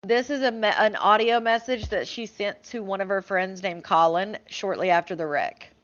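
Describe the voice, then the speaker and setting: A woman's voice: mid-range voice, moderate pace, dry recording. A woman giving casual, indignant reaction commentary, rambling with frequent fillers. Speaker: true-crime commentator. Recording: dull lo-fi dry audio.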